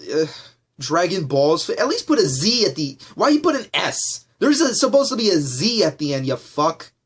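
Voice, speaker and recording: A man posting a heated response video to a comment, swearing often and swinging between worked-up outbursts and calmer asides. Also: high voice. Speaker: YouTuber answering a comment.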